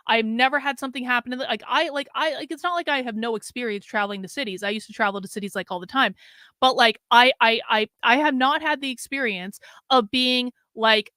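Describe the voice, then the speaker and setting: Bright, swearing woman telling a story. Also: a little high, no echo, studio quality. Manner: profane, rambling, heavy use of filler "like"; animated retelling with quoted inner thoughts. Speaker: podcast host. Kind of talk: casual storytelling monologue.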